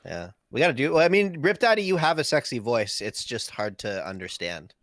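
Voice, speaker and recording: A man's voice: medium pitch, sing-song, a little fast, fairly bright tone, no echo. Teasing man with a dry sound. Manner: joking, teasing, profane. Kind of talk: casual live-stream chat.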